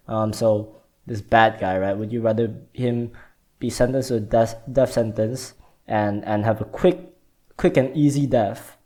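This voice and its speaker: A man's voice: fairly low pitch, measured pace. Rambling young man hosting a vlog. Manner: animated, rambling, repeats words. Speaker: vlog host. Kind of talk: casual explanatory vlog talk.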